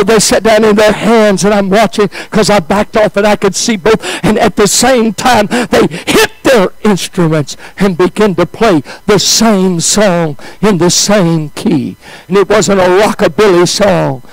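Slow, gravelly high-voiced male preacher. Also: dry recording, rough recording. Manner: emotional, swinging from high exclamations to hushed, drawn-out phrases. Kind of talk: sermon storytelling.

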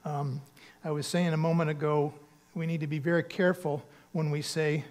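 A man's voice: a little high, flat delivery, moderate pace, darkish tone. A man preaching a sermon as pastor, speaking earnestly and conversationally, with emphatic bursts on key words. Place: church sanctuary.

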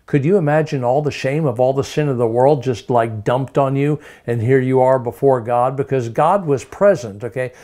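With hardly any pauses, a preacher speaks at normal speed in a dark-toned voice of ordinary male pitch. His sermon is emphatic, stacking rhetorical questions and using repetition to hammer his points.

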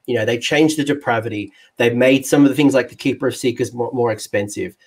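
A man with an Australian accent hosting a casual interview, joking and excitable, quick to banter. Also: medium pitch, husky. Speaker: podcast host and game coach. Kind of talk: casual video-call interview.

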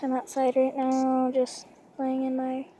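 A woman's voice: high-pitched, completely flat delivery, unhurried, warm tone, a little hiss or hum. A woman vlogging casually outdoors from a lounge chair, rambling, hesitant and pleading.

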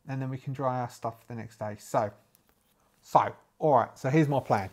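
A man's voice: mid-range voice, normal speed. Rambling man narrating a solo game. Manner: rambling, lots of fillers, thinking aloud.

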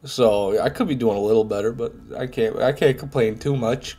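A man's voice: mid-range voice, moderate pace, warm tone. Chatty young male game streamer with a cold. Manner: chatty, reads chat aloud, swears casually. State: sick with a head cold. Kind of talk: casual live gameplay commentary.

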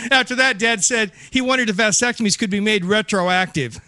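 Bright, high-voiced man telling corny jokes. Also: steady tone, moderate pace, no room sound. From Ohio. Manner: corny, self-amused, laughs at own jokes. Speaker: stand-up comedian. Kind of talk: stand-up one-liners.

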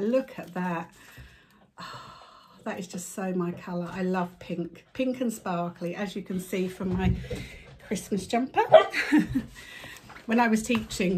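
Woman, middle-aged, gushing home crafting vlogger, medium-pitched voice, dog noise in the room. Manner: chatty, gushing, keeps breaking off to calm her dog. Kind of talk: casual chat. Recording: noisy home recording with dog sounds. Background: a dog barking and moving about.

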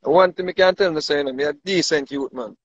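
A man's voice: on the high side, quick pace, no room sound. A man with a Jamaican accent ranting casually, boastful and repetitive, often asking if you understand him. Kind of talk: casual rant to camera. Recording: dull dry lo-fi sound.

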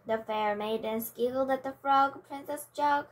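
A woman reads a children's storybook aloud at a slow, careful pace. Her voice sits fairly high, and she corrects small slips as she goes. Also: steady tone, poor audio. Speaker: reader.

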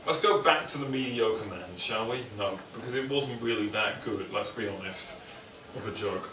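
A man's voice: on the low side, normal speed, pushed and bright, far from the mic. An English man hosting a cooking vlog, rambling casually and joking at his own expense. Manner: joking, self-deprecating, rambling. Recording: echoey room, mic some way off, faint noise.

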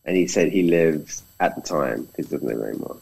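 A British man with a very deep voice tells stories from his career. He has a husky edge, and he acts out the people he quotes. The talk is a relaxed podcast conversation. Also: fairly quick, low-quality recording. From Britain. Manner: animated storyteller, acts out quotes. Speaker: film director guest. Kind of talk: casual storytelling conversation.

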